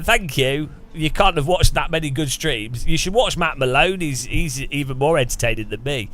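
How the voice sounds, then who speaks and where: A man's voice: on the high side, sharp tone, slight background noise. A man streaming a racing sim, chatting casually and ranting with frequent laughter. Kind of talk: casual live-stream chat.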